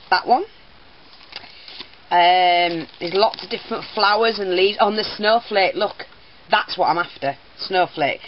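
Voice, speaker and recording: A woman's voice: fairly low pitch, muffled recording, a little hiss or hum. An older woman, chatting through a craft unboxing video as she tells a school story and keeps breaking into giggles. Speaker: teacher and crafter. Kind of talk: casual craft unboxing vlog.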